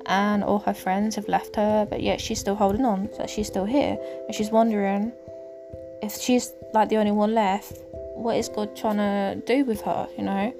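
A woman hosting a casual faith podcast, talking in a rambling, hesitant way with many pauses and fillers. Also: mid-range voice, level tone. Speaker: podcast host. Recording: music clearly underneath.

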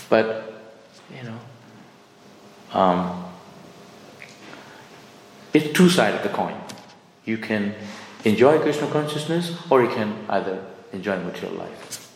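A middle-aged man with a fairly low voice gives a rambling, conversational sermon, full of fillers and restarts. He is heard in an echoey temple hall with a long reverb tail. A faint hiss sits under the recording. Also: expressive, measured pace, pauses often. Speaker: speaker giving a scripture class. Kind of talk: informal sermon, storytelling.

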